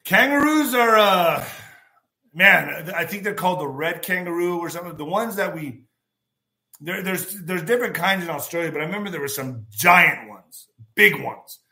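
A man talks his listeners through a long, wandering anecdote in a casual host's monologue. His voice sits a little high and comes across bright and forceful, and he clears his throat again and again as he goes. The delivery is loose and conversational, one story leading into the next. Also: normal speed.

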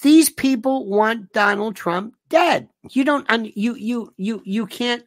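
A woman's voice: fairly high pitch, takes it slowly, dry recording, clean studio sound. A woman giving a political commentary monologue, indignant and sarcastic, who hammers points by repeating phrases. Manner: sarcastic and scornful.

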